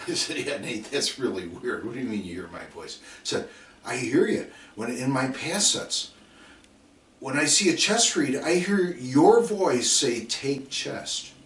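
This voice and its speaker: This coaching lecture comes from a middle-aged football coach with a medium-pitched, fairly bright voice, animated yet measured in pace. He's emphatic and repetitive, repeating drill calls, telling stories, and acting out players. A little hiss or hum and a distant mic make it sound roomy.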